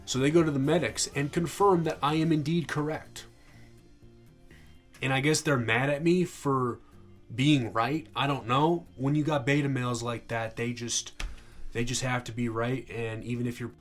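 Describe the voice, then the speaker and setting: A young man, an army veteran, angrily telling a profane story in a casual vlog. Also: mid-range voice. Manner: angry, profane, acts out quoted dialogue.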